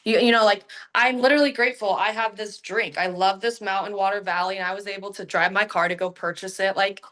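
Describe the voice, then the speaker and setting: Animated slangy woman, casual podcast guest. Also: mid-range voice, fast. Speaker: guest hypnotherapist.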